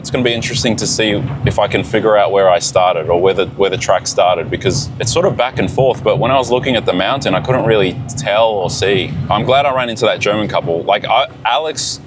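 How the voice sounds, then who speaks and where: A man vlogging while he drives a small car up a mountain road, excited and swearing a lot as he talks to himself. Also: fairly low pitch, a little fast, few pauses, background noise. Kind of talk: casual travel vlog.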